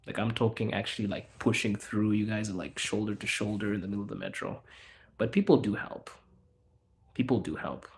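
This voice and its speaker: Relaxed low-voiced man with gravelly fry. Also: fairly quick. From Zimbabwe. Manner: relaxed, slangy, rambling with fillers and self-corrections. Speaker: livestream host. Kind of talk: casual livestream chat answering viewer questions.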